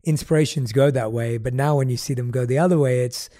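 A man's voice: medium pitch, fairly even intonation, fast talker, warm tone. A man hosting a podcast interview, an affirming listener who answers often with "yeah" and "wow". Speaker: podcast host. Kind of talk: casual interview chat.

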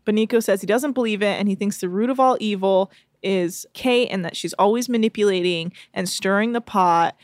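A woman's voice: mid-range voice, a little fast, darkish tone, no room sound, studio quality. A woman co-hosting a podcast, recapping a reality show in a casual, rambling, profane chat. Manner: profane, rambling, puts on silly voices for quotes.

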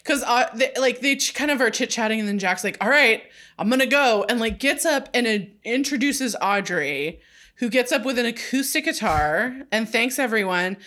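A woman's voice: a little high, lively intonation, moderate pace, fairly bright tone. A woman co-hosting a casual TV recap podcast, narrating the episode's plot and laughing often. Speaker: podcast co-host.

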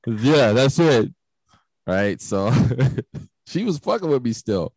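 Young man, casual storyteller, swearing a lot, very lively pitch, dry close sound. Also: slow, no room sound. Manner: animated, profane storytelling that acts out quoted lines. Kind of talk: casual chat.

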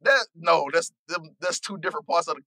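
A man's voice: on the high side, a little fast, sharp tone. A middle-aged man hosting a casual podcast, quizzing friends on movie quotes and laughing often. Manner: reads quotes aloud, laughs often, says "bro". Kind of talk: casual chat.

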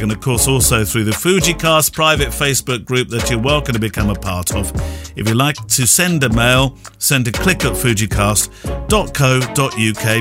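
A man hosting a podcast, chatty and rambling, with lots of laughs and restarts. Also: medium pitch. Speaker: podcast host. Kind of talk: casual chat.

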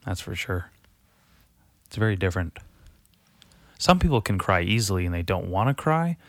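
Rambling low-voiced man in a dry room. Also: dry recording. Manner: rambling and confessional, heavy swearing and filler words. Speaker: podcast host. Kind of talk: late-night solo podcast monologue. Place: darkened room lit by Halloween lights.

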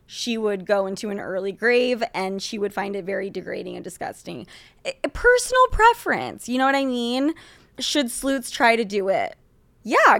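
A woman's voice: medium pitch, no echo. A young woman hosting an advice podcast, talking bluntly and with lots of swearing as she answers listener letters. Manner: blunt, profane and animated, reading listener letters aloud. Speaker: podcast host. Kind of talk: casual podcast advice chat.

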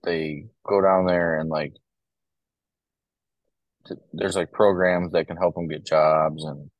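Man, deep voice, dry close sound, relaxed rambling storyteller. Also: slow, no echo, highs cut off. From Ohio, US. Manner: relaxed storytelling, many fillers. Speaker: podcast guest, corrections officer. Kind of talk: casual conversation.

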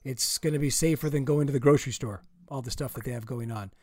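A man's voice: medium pitch, fast, a little mellow, dry recording, studio quality. A man with a sore throat chatting casually, teasing and easygoing. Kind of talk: casual chat.

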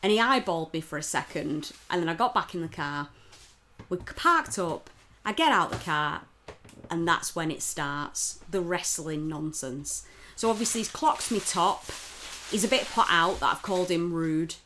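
A woman's voice: on the low side, moderate pace, slight background noise. A woman, co-hosting a podcast and telling an annoyed, sweary story in casual chat. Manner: sweary, animated storytelling with bursts of emphasis. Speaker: podcast co-host.

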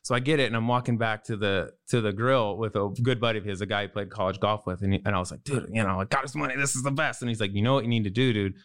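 A man co-hosting a casual chat show, telling a golf story with easygoing, quick reactions. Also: on the low side, steady tone, fairly bright tone, clean tone. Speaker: podcast co-host.

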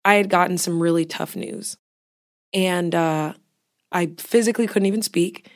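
A woman's voice: fairly low pitch, fairly even intonation, normal speed. A young woman co-hosting a podcast, sharing a personal story in casual chat and often sinking into a near whisper. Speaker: podcast co-host.

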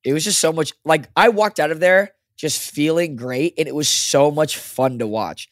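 A young man co-hosting a podcast, chatting casually and excitedly, swearing and saying "like" and "dude" a lot. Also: on the high side, moderate pace, dry recording, studio quality. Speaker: podcast co-host. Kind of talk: casual chat.

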